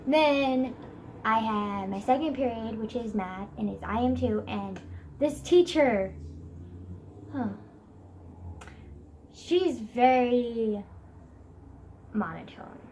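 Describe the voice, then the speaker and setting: A woman's voice: a little high, slow, long pauses, a little mellow, a little hiss or hum, rough recording. A teenage girl vlogging casually about school from her bed, rambling and dramatic with many fillers. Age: teens. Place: bedroom, sitting on a bed.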